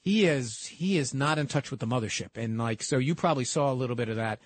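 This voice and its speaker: A man's voice: mid-range voice, animated, quick pace, no echo. A man co-hosting a radio talk show, explaining his points earnestly with frequent restarts. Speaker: radio co-host.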